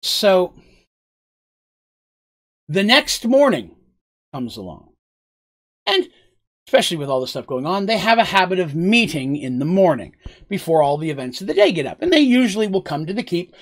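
A man's voice: high voice, big pitch swings, normal speed, pauses often. A man narrating a tabletop role-playing game as game master, in a loose, rambling way with frequent asides.

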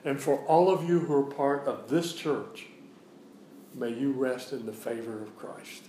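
A man's voice: medium pitch, steady tone, unhurried, mellow, reverberant, a little hiss or hum, rough recording. A man giving a sermon as a guest preacher in a church, preaching in a conversational way and repeating phrases for emphasis. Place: church sanctuary.

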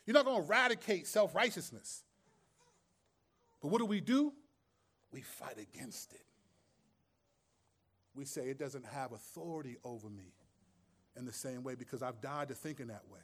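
A man's voice: mid-range voice, animated, moderate pace, pauses often, fairly bright tone. A man preaching a sermon as pastor, conversational and streetwise, with humor and rhetorical questions.

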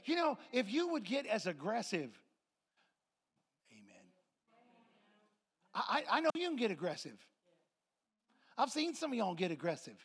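A man's voice: high voice, big pitch swings, normal speed, long pauses, a bit bright, husky. A man preaching a sermon to his congregation, telling a story and acting out voices and laughter. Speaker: pastor. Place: church sanctuary with congregation.

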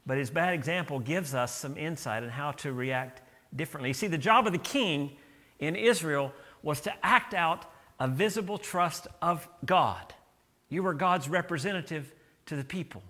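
Bright-voiced man preaching a lively sermon. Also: fairly high pitch. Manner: animated storytelling with acted-out quotes. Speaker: pastor.

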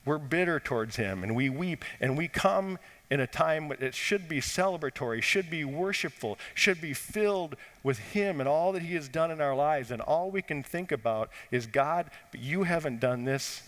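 A man preaching a sermon from the pulpit, his voice sitting a little high for a man. He pushes some lines up with urgency and drops others to a low, hushed emphasis. The room adds a long, lingering reverb. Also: expressive, moderate pace. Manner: dynamic preaching, rising and dropping to quiet emphasis. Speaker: pastor.

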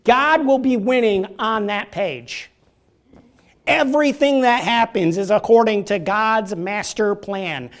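This man's voice is high-pitched and slow as he preaches to a church congregation. His sermon is casual and full of jokes, and he keeps checking in with the crowd by asking "right?"

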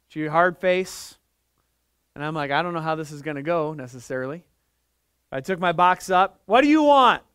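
A man in middle age delivers a church sermon in a high, bright-edged voice. He moves between storytelling and fervent, emphatic preaching. The sound is dry and close, with no room echo. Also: steady tone, moderate pace, pauses often, smooth. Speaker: pastor.

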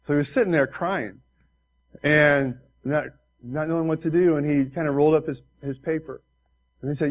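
A pastor preaching an earnest, conversational sermon in a church room, often turning to address the congregation directly. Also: male voice, a little high, fairly quick, dull audio.

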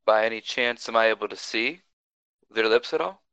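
A man playing in a tabletop game, asking calm, measured questions. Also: lowish voice, clear, resonant tone, no room sound. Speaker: player. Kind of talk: casual tabletop play. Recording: dull lo-fi mic.

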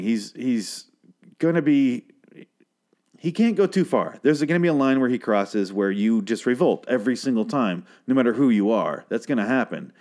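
A man's voice: mid-range voice, darkish tone. A man giving a casual, rambling recap of a TV episode, swearing freely and often trailing off or restarting with a sardonic edge. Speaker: show recap podcaster.

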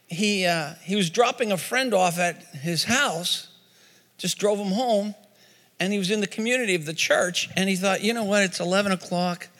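A man's voice: high voice, fairly bright tone, in a large hall. A man preaching a sermon as pastor, telling a story with quoted voices and repeated words, then leading a prayer.

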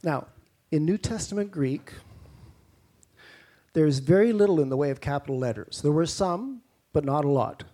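A man's voice: on the high side, animated, normal speed, pauses often, warm tone. A man with a Canadian accent preaching a sermon in a conversational way, with rhetorical questions and mock-incredulous asides.

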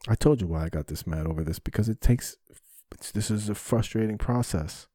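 Low, dark-voiced man ranting on a podcast. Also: a little fast, no room sound, studio quality. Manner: profane, frustrated rambling with frequent swearing; candid, self-reflective. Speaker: podcast host. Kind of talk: solo podcast monologue.

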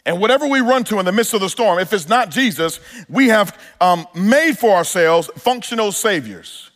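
A man's voice: high voice, animated, normal speed, a bit bright. A male pastor preaching a sermon in an earnest style, building to emphatic peaks and often restarting his phrases.

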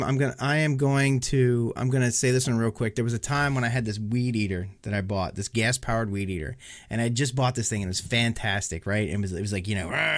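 On a casual podcast, a male co-host with a mid-range voice tells heavily profane, animated stories, acting out his own angry outbursts. The recording is studio quality with no room sound.

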